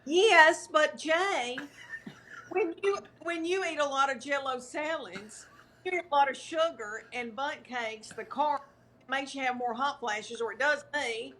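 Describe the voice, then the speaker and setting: Lady in her 50s, folksy rambling stories, bright voice, pitched a bit high. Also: measured pace. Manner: folksy, rambling, self-deprecating. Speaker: comedian guest. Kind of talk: casual storytelling chat.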